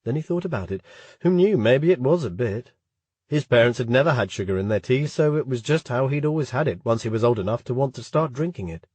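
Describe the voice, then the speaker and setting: Brief: male audiobook reader, husky, steady, close and dry. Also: mid-range voice, brisk, no echo. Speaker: audiobook narrator. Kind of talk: scripted narration.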